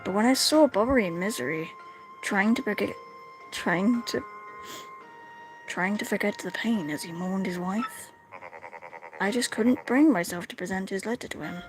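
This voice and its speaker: A woman voicing a remorseful middle-aged male bartender, speaking softly and in a subdued tone while reading game dialogue. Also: mid-range voice, moderate pace, pauses often, music in the background, natural voice. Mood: regretful. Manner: soft, subdued confession.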